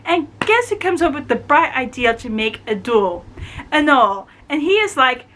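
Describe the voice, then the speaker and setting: A young adult woman retelling a book's plot in a chatty, animated way, full of fillers. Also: sits high, normal speed. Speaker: book reviewer. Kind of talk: casual book review chat.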